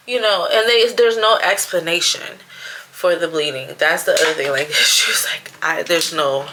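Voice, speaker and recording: Woman vlogger, 30s, bright and forceful tone, lowish pitch, chatty storyteller. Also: creaky, slight background noise. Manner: chatty storytelling, acting out quotes. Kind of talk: casual personal vlog.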